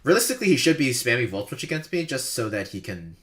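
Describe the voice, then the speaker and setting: A man's voice: mid-range voice, very animated, fast talker. A man giving casual, rambling commentary over a replay of his own match, chuckling often and swearing offhandedly.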